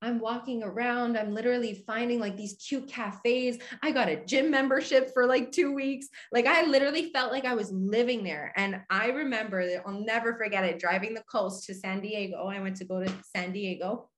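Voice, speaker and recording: Animated young woman, high voice. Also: normal speed, few pauses. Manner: animated, full of "like", acts out her own reactions. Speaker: podcast guest. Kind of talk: casual storytelling.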